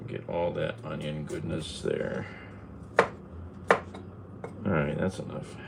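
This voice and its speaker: A man's voice: rumbling low, flat delivery, takes it slowly, vocal fry, heavy background noise. A man chatting casually and rambling as he chops onions in his home kitchen, chuckling to himself. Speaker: vlogger. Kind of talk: casual cooking vlog.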